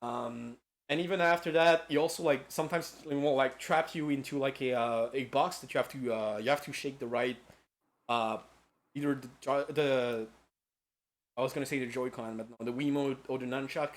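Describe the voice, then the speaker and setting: A man's voice: medium pitch, steady tone, moderate pace. A man streaming a casual lecture-style game recap, rambling and profane with lots of filler words.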